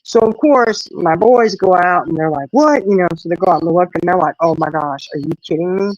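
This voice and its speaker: A woman's voice: on the low side, fairly quick, lo-fi sound. A middle-aged woman hosting a casual live stream, telling a story animatedly and acting out the voices of the people in it. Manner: animated storyteller, acts out quoted voices, frequent "you know".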